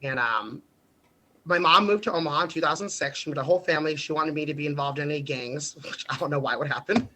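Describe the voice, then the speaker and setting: A man's voice: a little high, fast talker, sharp tone, slight background noise, poor audio. A young man from the United States telling stories animatedly on a podcast, laughing often and swearing freely. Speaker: podcast guest. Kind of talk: casual storytelling.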